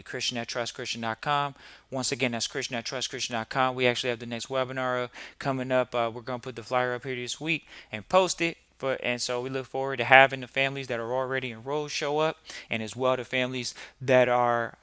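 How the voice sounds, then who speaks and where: A man's voice: medium pitch, fairly even intonation, fast talker, fairly bright tone, clean tone, dry recording. A man hosting a podcast, preaching emphatically in a long monologue and firing off rhetorical questions. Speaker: podcast host.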